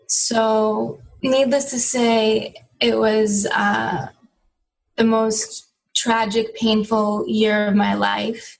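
A middle-aged woman speaks as a guest in a conversation, telling her story earnestly and reflectively. Her voice sits a little high for a woman. She pauses and restarts her sentences as she searches for words. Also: little pitch movement, vocal fry, rough recording. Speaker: interview guest.

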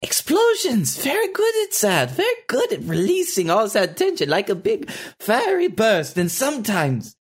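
A goofy, gentle alien demolitions expert with a German accent, as a podcaster puts him on. His voice jumps up into a high, squeaky register and swings wildly in pitch. He sounds gleeful and over the top, like a cartoon. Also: huge pitch swings, moderate pace, hardly any pauses, slightly rough, exaggerated voice.

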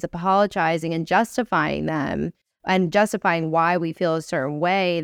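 Woman in her 30s, podcast host with a smooth, lowish voice, earnest and encouraging, dry close-mic sound. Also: no echo. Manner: earnest, encouraging, slows down for emphasis. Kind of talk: solo self-help podcast monologue.

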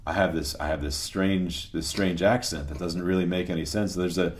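A middle-aged man from New England, a podcast guest telling stories in a relaxed, halting way, often restarting his sentences. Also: deep voice. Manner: relaxed, halting, restarts phrases, many murmured agreements. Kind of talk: conversational interview.

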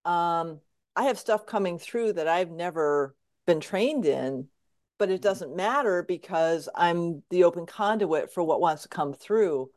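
Eager low-voiced woman podcast host. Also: lively intonation, measured pace, a little mellow. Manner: engaged listener, eager and enthusiastic when sharing her own experience. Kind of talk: casual podcast conversation.

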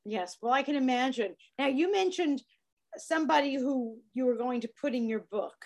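A woman's voice: high voice, lively intonation, moderate pace, a little mellow. A woman with a New York accent hosting an interview, chatty and encouraging with her guest. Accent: American. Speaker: interview host. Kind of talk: casual interview chat.

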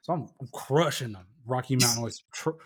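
A man's voice: mid-range voice, brisk, slightly rough. A middle-aged man hosting a podcast, telling stories casually and with plenty of profanity, acting out the voices he quotes. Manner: profane storyteller who acts out quoted voices. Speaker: podcast host. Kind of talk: casual chat.

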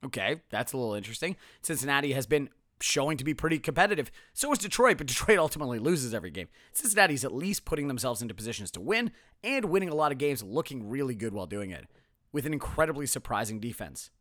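Man, podcast host, sarcastic, self-mocking, animated pitch, dry close sound. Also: fast, no echo. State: strained voice. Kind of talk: casual solo podcast.

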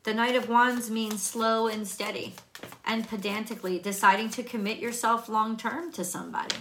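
A woman's voice: on the high side, steady tone, moderate pace, fairly bright tone, slight background noise. A woman doing a tarot reading in a chatty, casual way, laughing often and restarting her sentences. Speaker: tarot reader.

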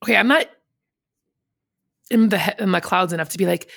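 A woman's voice: medium pitch, brisk, creaky, fairly bright tone, no echo, clean studio sound. A woman in casual conversation, rambling and chatty, laughing often and slipping into quoted voices of other people. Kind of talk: casual chat.

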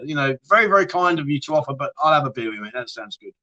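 A man hosts a relaxed livestream, joking and laughing through viewer comments. His voice is bright and forceful and sits slightly high for a man. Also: very fast, muffled recording. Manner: jokey, laughing, banter with viewers. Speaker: livestream host. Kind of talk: casual livestream chat reading viewer comments.

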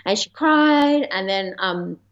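A woman's voice: medium pitch, animated, slow, muffled recording. An Australian woman telling a personal story as a podcast guest in a chatty way, full of fillers and light laughter.

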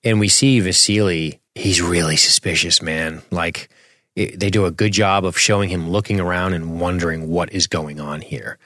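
Man, podcast co-host, very low pitch, dead dry mic, relaxed chatty recap. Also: normal speed, no echo. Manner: relaxed, laughs often, reads chat questions. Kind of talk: casual chat recapping a TV episode.

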